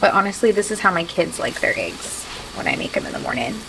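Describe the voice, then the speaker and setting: A woman's voice: on the low side, huge pitch swings, fast, vocal fry, noisy background. A woman hosting a casual cooking demonstration in a home kitchen, chatty and self-deprecating with joking asides. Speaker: cooking show host.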